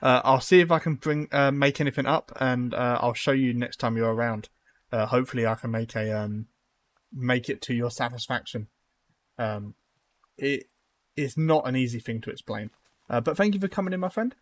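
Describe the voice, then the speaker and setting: A man's voice: mid-range voice, steady tone, normal speed. A young man live-streaming a building game, chatting casually with viewers and rambling through lots of fillers and restarts.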